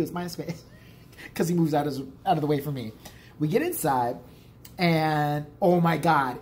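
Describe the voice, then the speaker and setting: A man's voice: a little high, a little mellow, a little hiss or hum. A man telling a rambling, profane story in a casual vlog. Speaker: vlogger.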